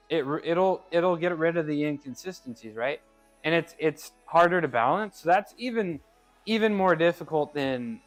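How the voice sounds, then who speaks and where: A man chatting casually with his live-stream viewers as he trains, laughing easily and often restarting his phrases. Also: on the high side. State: working out. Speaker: streamer reading chat.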